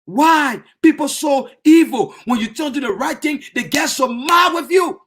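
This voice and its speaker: A man preaching an impassioned sermon, often bursting into shouts. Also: very high-pitched, a little slow.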